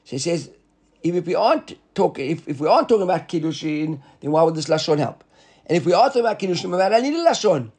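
A man teaching a Talmud class, explaining quickly and repeating words as he reasons aloud. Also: fairly high pitch, sing-song, a little mellow, husky.

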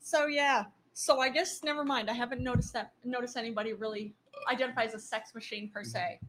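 A woman's voice: fairly high pitch, steady tone, a little fast, a bit bright, a little hiss or hum. A woman co-hosting a casual podcast, rambling and laughing often as she reads out listener comments. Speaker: podcast co-host.

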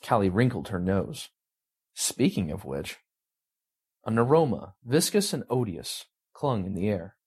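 Low, husky male story reader. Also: a little slow. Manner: expressive, animated delivery. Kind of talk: dramatic story reading.

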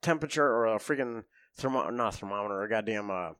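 A former Marine guest on a podcast tells military stories in a casual chat, swearing and laughing as he acts out what people said. His voice is lowish, fast, a bit bright, clear and resonant. The sound is dry and studio-clean.

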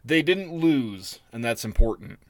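A man co-hosting a podcast, with a medium-pitched voice. He retells an old story in a loose, jokey way, full of swearing and fillers. The sound is dry and close. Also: expressive, measured pace, dry recording. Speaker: podcast co-host. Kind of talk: casual chat.

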